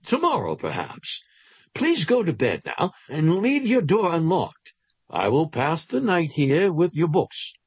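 A man voicing a calm male physician who questions his patient in a measured, quietly insistent way, with a husky voice. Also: sits high, no echo, voice pushed up, full character voice.

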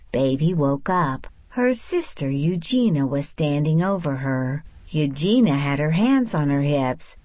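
A woman reading a storybook aloud in a measured, expressive narration. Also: deep voice, no room sound. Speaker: audiobook narrator.

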